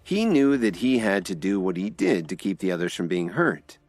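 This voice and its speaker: A man narrating a scripted audio drama with expressive storytelling. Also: low voice, normal speed, dry recording.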